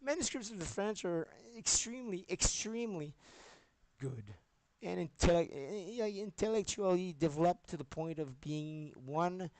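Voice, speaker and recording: A man's voice: high-pitched, animated, normal speed, a little mellow, no room sound. A man live-streaming, talking in a rambling way, swearing and jumping between topics as he goes.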